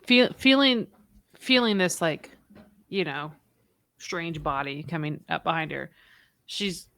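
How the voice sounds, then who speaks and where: A woman's voice: low voice, takes it slowly, a bit bright. A woman playing a tabletop game, chatty and loose, often trailing off and restarting as she describes her character. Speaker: player. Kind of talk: casual tabletop play.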